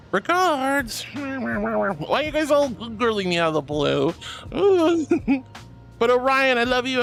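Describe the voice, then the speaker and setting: A woman streaming casually, her voice leaping high and dropping low as she greets each viewer with gushing affection. Soft music plays faintly underneath her talk. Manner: effusive, affectionate greetings to chat. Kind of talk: casual chat.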